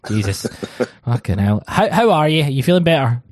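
A man's voice: medium pitch, very animated, a little fast, no echo, clean studio sound. A man hosting a casual podcast chat, playful and teasing. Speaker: podcast host.

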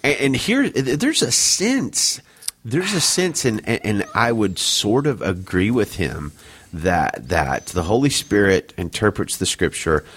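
A man co-hosting a casual podcast, talking through ideas earnestly in a fairly low voice. He often stumbles and restarts mid-phrase as he thinks, and reads passages aloud at times. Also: very animated, unhurried, a bit bright, husky. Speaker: podcast co-host.

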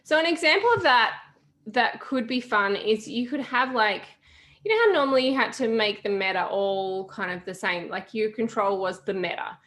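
Relaxed woman co-host on a video call. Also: a little high, normal speed. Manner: relaxed, agreeable, often chimes in with yeah. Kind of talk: casual technical chat.

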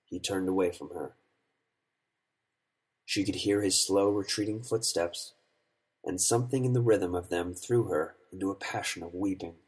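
A male narrator reading a story in a measured, solemn way. His voice is low and husky, and his delivery is very slow. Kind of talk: audiobook narration.

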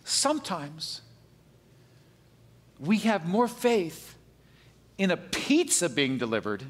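Animated man preaching in a reverberant hall. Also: fairly high pitch, slow, long pauses. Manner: animated, rising to emphatic peaks and dropping to quiet asides. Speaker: pastor. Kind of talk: sermon.

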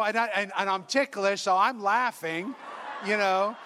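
Priest preaching, male, high and bright voice, exuberant storyteller who acts out voices, faint hiss. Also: slow pace, long pauses. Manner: exuberant and humorous, laughing as he tells stories. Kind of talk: storytelling sermon.

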